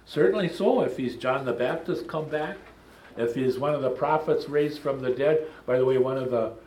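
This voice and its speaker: A man's voice: mid-range voice, moderate pace, a little mellow, reverberant, a little hiss or hum, low-quality recording. A man teaching a lecture-style Bible study. He talks in a thoughtful, digressive way, with frequent ums and side remarks.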